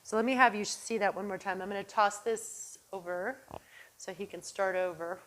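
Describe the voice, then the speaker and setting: A woman dog trainer talks through a demonstration in a calm, encouraging way. She praises the dog softly and low, and now and then calls him in a high, excited voice. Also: moderate pace.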